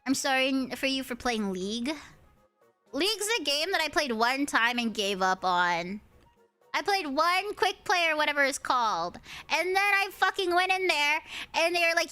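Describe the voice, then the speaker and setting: A woman in her early twenties with a high, cute, anime-girl-like voice, chatting and ranting with lots of swearing while streaming a game. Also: normal speed, faint music behind. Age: early 20s. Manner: animated ranting with frequent swearing. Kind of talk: casual gaming stream chatter.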